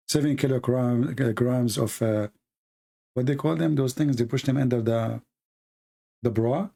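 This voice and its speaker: A man hosts an online show in a loose, mocking monologue. His English is non-native and full of slips and restarts, and his pitch sits in the middle range. He keeps breaking into laughter at his own jokes. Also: a little slow, gravelly, pauses often, warm tone. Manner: rambling with frequent restarts and fillers. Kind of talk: casual mocking commentary.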